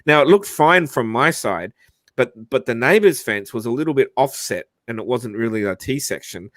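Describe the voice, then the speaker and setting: A man's voice: mid-range voice, lively intonation, normal speed, a bit bright, no room sound, clean studio sound. An Australian man telling a long anecdote in casual livestream chat, rambling with restarts and frequent swearing. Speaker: livestream host.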